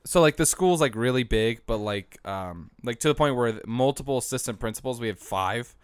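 A young man hosting a casual podcast chat, telling lively stories, swearing freely and acting out what others said. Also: medium pitch, fairly quick, clean tone, no room sound, clean studio sound. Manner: animated storyteller, swears freely, acts out quotes. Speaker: podcast host.

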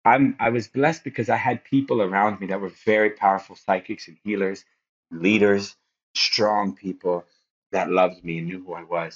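A man with a fairly low voice shares a personal story as a podcast guest. He is earnest and wandering, often restarting his sentences. The recording is muffled and lo-fi. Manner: rambling, earnest, halting with restarts. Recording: dull lo-fi sound.

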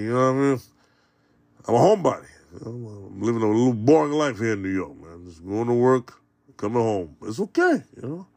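A man's voice: fairly low pitch, creaky, slightly rough. A man hosting his own podcast alone, rambling casually and cursing freely. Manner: profane, rambling, laid-back. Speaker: podcast host. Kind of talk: casual solo podcast monologue. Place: home in New York.

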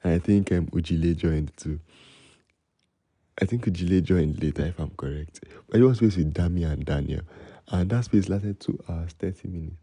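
Young nigerian guy rambling on his podcast at 3am, real low husky voice, dry close sound. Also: normal speed, warm tone, dry recording. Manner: rambling and freestyling, mixing Pidgin with English; talking low late at night. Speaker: podcast host. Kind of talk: rambling solo podcast chat.

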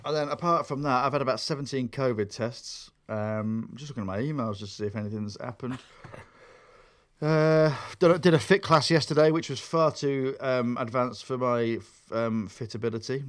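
A man's voice: medium pitch, normal speed. A young man telling stories in a rambling, casual podcast chat, restarting his sentences often. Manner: rambling storytelling with restarts and laughs. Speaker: podcast co-host.

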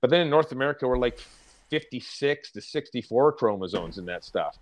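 A man's voice: mid-range voice, lively intonation, a little fast. A man speaking in a blunt, emphatic way in a casual podcast chat. He has an ordinary mid-range voice and often drops into mocking imitations of other people's complaints. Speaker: podcast guest on fasting and diet.

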